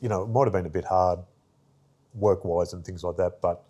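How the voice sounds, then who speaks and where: Husky, low-voiced man. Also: steady tone, brisk, mellow. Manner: rambling, many fillers, acts out quoted voices. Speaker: artist and arts worker, guest. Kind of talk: casual interview storytelling.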